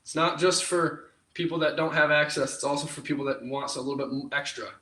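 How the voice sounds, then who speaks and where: A man's voice: a little high, steady tone, fairly quick, pushed and bright. A young man leading a live home workout class, counting down reps and joking along the way. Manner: upbeat, jokey, counts down reps. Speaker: fitness instructor. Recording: echoey room, far from the mic.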